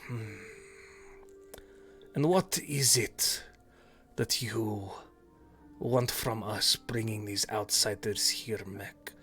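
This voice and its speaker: A man voicing a curious, cautious male naga leader who speaks in slow, measured questions. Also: on the low side, pushed and bright, exaggerated voice. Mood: probing.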